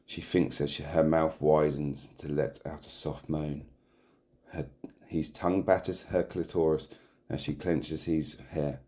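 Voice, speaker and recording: A man hosting and narrating a comic erotic audio story in a deadpan way, sometimes stumbling over words and laughing. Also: extremely low pitch, measured pace. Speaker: narrator and host.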